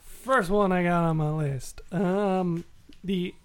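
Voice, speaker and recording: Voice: mid-range voice, slow pace, clean tone. A podcast co-host in casual chat, rambling and laughing, often unsure of names.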